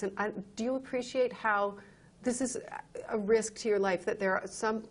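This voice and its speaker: A woman's voice: mid-range voice, close to an everyday voice. A woman playing a clinic counselor in a training video, insistently lecturing a patient about his health.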